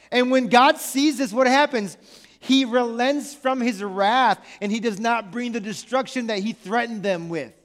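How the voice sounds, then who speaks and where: A man preaches in a high, bright voice, chatty and animated, breaking off for jokes. His words ring out through a church hall with a long reverb tail. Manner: animated and conversational, with joking asides. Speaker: pastor. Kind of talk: sermon.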